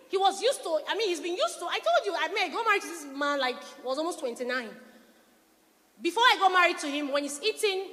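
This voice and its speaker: A middle-aged woman pastor preaching a sermon, telling lively stories and acting out her husband's words. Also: extremely high pitch. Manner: animated storytelling, quotes her husband. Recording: long reverberant hall.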